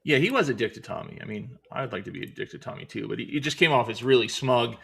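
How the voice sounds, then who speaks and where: A man's voice: mid-range voice, fast talker, creaky, fairly bright tone, slight background noise. A man chatting casually on a live stream, blunt and needling the others. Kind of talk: casual chat.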